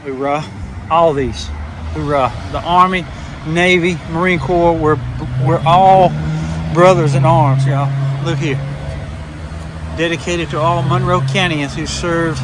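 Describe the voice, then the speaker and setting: A folksy man talks excitedly as he vlogs on a small town square. His voice sits fairly high and he repeats himself as he goes. Street noise is clearly heard around him. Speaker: vlogger. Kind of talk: casual vlog.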